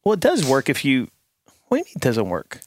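A man's voice: medium pitch, huge pitch swings, quick pace. A man co-hosting a podcast in casual chat, who often hesitates and repeats himself. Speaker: podcast co-host.

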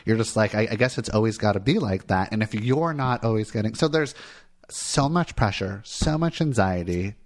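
A man's voice: fairly low pitch, lively intonation, normal speed. A man co-hosting a podcast in casual chat, talking candidly and rambling with many fillers. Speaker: podcast co-host, therapist.

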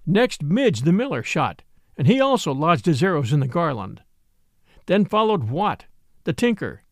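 A man narrating a classic adventure story in an expressive, dramatic reading. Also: a little high, moderate pace, no echo, clean studio sound. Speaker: audiobook narrator.

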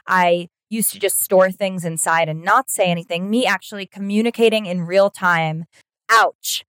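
A woman's voice: medium pitch, steady tone, normal speed, a bit bright, no echo. A woman in her thirties hosting a podcast, reflective in casual chat, telling stories with quoted dialogue.

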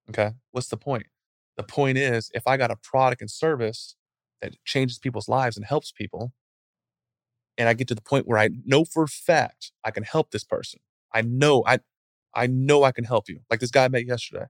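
A man with a medium-pitched voice gives a casual motivational talk as a guest speaker, speaking fairly quickly. He acts out scenes in an animated, storytelling way, in studio quality with no echo.

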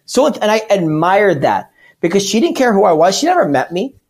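Rambling candid man, slightly high voice. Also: very animated, brisk, breathy edge. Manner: rambling and candid, with self-corrections. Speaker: guest comedian. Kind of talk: casual podcast chat.

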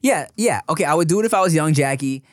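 A man's voice: on the high side, expressive, fast talker, dry recording, studio quality. An American man in his thirties co-hosting a podcast, talking in a loose, profane way and laughing often. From United States. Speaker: podcast co-host. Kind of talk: casual chat.

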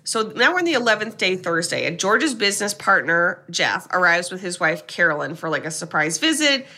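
A young woman chats through a film's plot in an animated, casual way. Her voice is bright and clear. She slips into the characters' lines as she goes. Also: fairly low pitch, a little fast. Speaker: podcast co-host. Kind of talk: casual chat recapping a film.

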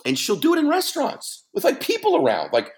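A middle-aged man spinning an animated story as a podcast guest, his pitch leaping up and down as he goes. He laughs easily and mimics other people's voices along the way. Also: brisk. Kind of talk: storytelling conversation.

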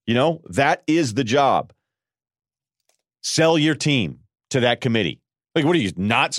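A man hosting a sports podcast, riffing in an animated, sarcastic solo monologue and mimicking people in quick voices. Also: medium pitch, no echo, clean studio sound. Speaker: podcast host.

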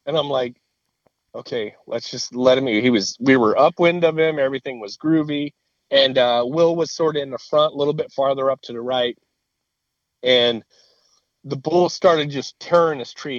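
A man telling a hunting story in casual conversation. He is animated, swears freely and laughs at his own story. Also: mid-range voice, moderate pace, dry recording, muffled recording.

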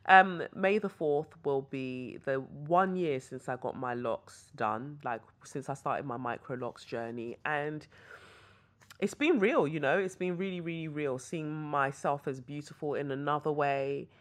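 A woman's voice: low voice, unhurried, pushed and bright. A young British woman hosting a podcast, chatting casually and rambling through asides while reading tarot. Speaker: podcast host and tarot reader. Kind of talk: casual chat. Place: hotel room.

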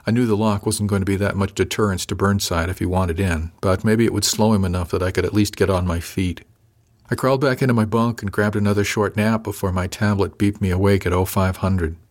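A man's voice: sits low, fairly even intonation, brisk. A man reading a first-person audiobook in a matter-of-fact way. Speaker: narrator.

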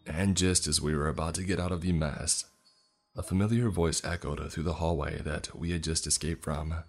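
Deep husky guy narrating a creepy story, tense and measured, quiet music behind. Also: steady tone. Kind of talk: scripted horror narration. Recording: faint music underneath.

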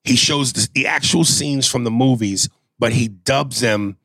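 A man's voice: medium pitch, measured pace, a bit bright, no echo, studio quality. A man co-hosting a casual podcast chat, joking loosely and swearing freely. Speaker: podcast co-host.

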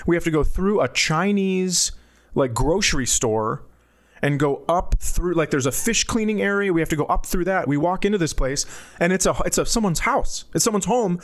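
Animated male comedian telling a story. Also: normal speed. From United States. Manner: animated storyteller, jumps to high voices for quotes. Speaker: podcast co-host, comedian. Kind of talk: casual storytelling chat.

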